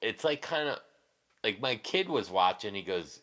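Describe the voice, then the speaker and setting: A man chatting casually on his live stream and answering viewers in a rambling, crude way, with quick laughs and many restarts. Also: on the low side, big pitch swings, a bit bright.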